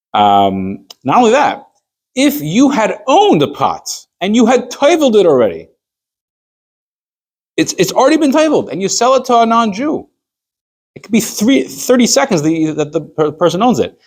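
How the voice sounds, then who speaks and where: A rabbi whose voice is on the high side and a little mellow gives an informal class on Jewish law. Speaking conversationally, he walks through everyday hypotheticals and acts out short scenes of quoted dialogue.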